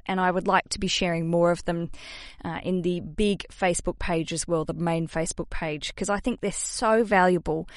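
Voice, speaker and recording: A woman's voice: medium pitch, dry recording, studio quality. A woman in her thirties with an Australian accent, hosting her podcast in a chatty, self-mocking way with casual swearing. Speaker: podcast host. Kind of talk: casual solo podcast chat.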